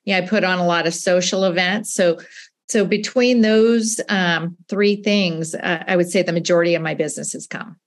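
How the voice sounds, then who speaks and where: A woman's voice: lowish voice, steady tone, moderate pace. A woman who has long worked as a real estate agent, chatting cheerfully on a podcast and laughing easily. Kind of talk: casual chat.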